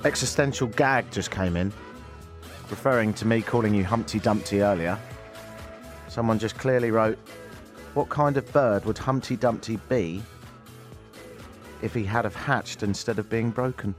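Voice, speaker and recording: A man's voice: fairly low pitch, moderate pace, long pauses, soft background music. A man with an English accent, hosting a radio show with joking, self-mocking banter. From England. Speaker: radio host. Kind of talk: casual radio chat. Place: radio studio. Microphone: studio microphone.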